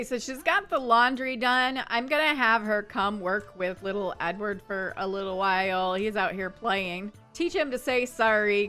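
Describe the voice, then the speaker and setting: A woman's voice: medium pitch, bright, forceful tone, smooth. A woman hosting a gaming channel, giving chatty let's-play commentary and narrating every move.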